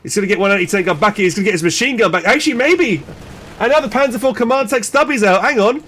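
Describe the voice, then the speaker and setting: A man casting a strategy game match in excited play-by-play, exclaiming and swearing, with frequent restarts and fillers. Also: sits high, quick pace, slight background noise. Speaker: game caster.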